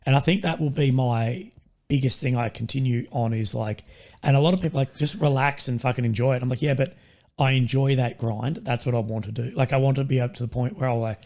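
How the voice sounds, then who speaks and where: A young man, chatting casually and swearing freely as he tells animated stories. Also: medium pitch, quick pace. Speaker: ex-military guest. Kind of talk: casual chat.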